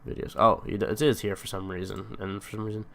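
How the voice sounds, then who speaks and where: A young man with a lowish, bright, crisp voice chatters through a casual live stream. He rambles loosely, full of slang and swearing, drifting between topics as he clicks around. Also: little pitch movement, fast.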